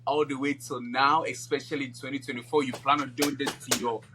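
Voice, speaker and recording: A man's voice: medium pitch, little pitch movement, a little fast, background noise. A man from Ghana co-hosting a podcast in casual chat, laying out his views at length and often checking in with "you know". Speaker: podcast co-host.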